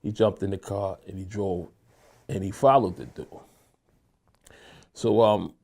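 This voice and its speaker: A man's voice: low-pitched, fairly even intonation, measured pace, gravelly. Casual man telling a personal story. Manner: casual storyteller, acts out quotes loudly. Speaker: interviewee.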